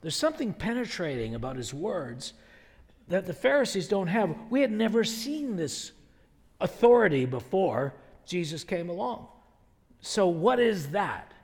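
High-voiced man preaching in a reverberant hall. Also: big pitch swings, a little slow, a little mellow, breathy edge. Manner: conversational, emphatic, rhetorical questions. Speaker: pastor. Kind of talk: sermon.

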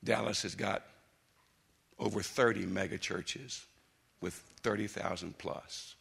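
A man preaching a sermon, emphatic, dropping to quiet intensity and rising to loud bursts. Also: on the low side, steady tone, slow, creaky, breathy edge.

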